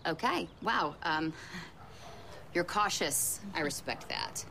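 Bumbling lady PI, all bluster and ums, lowish voice that jumps around. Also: expressive, takes it slowly, vocal fry, pushed and bright, a little hiss or hum, exaggerated voice. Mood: overconfident. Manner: flustered, hesitant, overconfident bluffing. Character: awkward, bluffing petite female private investigator. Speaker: private investigator. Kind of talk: TV drama acting.

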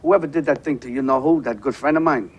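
A man's voice: mid-range voice, quick pace, slightly rough, lo-fi sound. An actor playing a volatile, profane male mob boss in a film, blustering and stammering when he gets emotional. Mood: halting. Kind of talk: film dialogue.

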